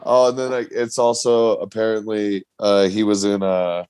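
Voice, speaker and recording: Very deep-voiced man chatting casually. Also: moderate pace, clear, resonant tone, dry recording. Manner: animated storyteller, swears freely. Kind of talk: casual chat.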